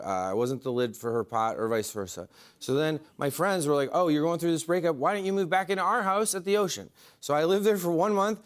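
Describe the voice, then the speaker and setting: A man with a somewhat high voice tells rambling, self-deprecating stories as a talk-show guest. He trails off into fillers and restarts, then hits his punchlines. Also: clear, resonant tone. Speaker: guest comedian.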